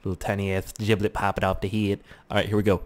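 A young man hosting a gaming channel, giving excitable let's play commentary with lots of swearing and sudden high-pitched yelps. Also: fast talker, a little hiss or hum.

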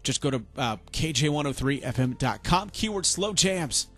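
A man hosting a late-night radio dedication show from the studio, with smooth, steady on-air patter. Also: fairly high pitch, moderate pace.

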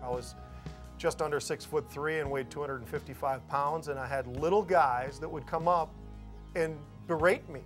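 A man with a fairly high voice recalls the trading pits in a plain, emphatic way. Faint music sits under his voice. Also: normal speed, fairly bright tone. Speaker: floor trader. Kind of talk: documentary interview.

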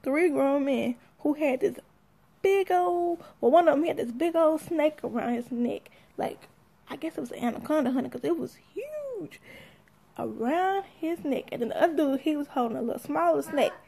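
Young woman, AAVE, high gravelly voice, sassy storyteller acting out quotes. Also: normal speed. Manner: animated, sassy, acts out quotes. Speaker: mother telling a story. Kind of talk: casual storytelling.

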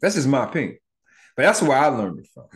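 A middle-aged man, telling a personal story on his podcast in a casual, profane, animated way, acting out the people he quotes. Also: medium pitch, fast talker. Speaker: podcast host.

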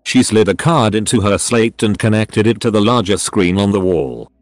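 A man's synthetic text-to-speech voice narrating a story, with even, unhurried reading. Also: fairly low pitch, dry recording. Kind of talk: audiobook-style story reading.

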